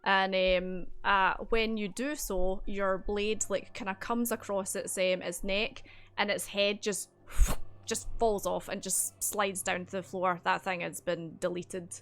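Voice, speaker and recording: A woman's voice: medium pitch, level tone, measured pace, fairly bright tone. Chatty woman game master. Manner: chatty, laughing, lots of fillers. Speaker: dungeon master. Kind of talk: narrating a tabletop game on a livestream.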